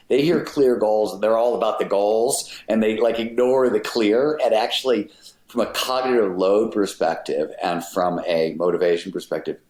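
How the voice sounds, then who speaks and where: A man's voice: fairly low pitch, a little mellow. A middle-aged man, a podcast guest, explaining his ideas in an emphatic, casual way, with an occasional swear word. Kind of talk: casual interview talk. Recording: roomy echoey sound.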